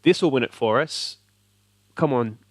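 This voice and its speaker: Australian man, game commentary, excited and animated, medium pitch, dry close-miked voice. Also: measured pace, no room sound. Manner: animated, cheering at the screen. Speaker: video game let's play host.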